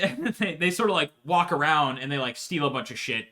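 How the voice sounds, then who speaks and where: A man's voice: on the high side, fast, sharp tone. A man telling a history story for laughs in a profane, rambling way, often checking in with "right?". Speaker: podcast host.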